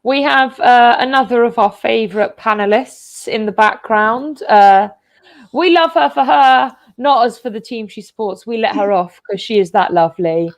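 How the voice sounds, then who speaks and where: A woman's voice: fairly high pitch, normal speed. Chatty woman hosting a football chat. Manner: chatty, rambling with many fillers and restarts. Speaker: show host. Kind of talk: casual online football chat. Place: home, on a video call.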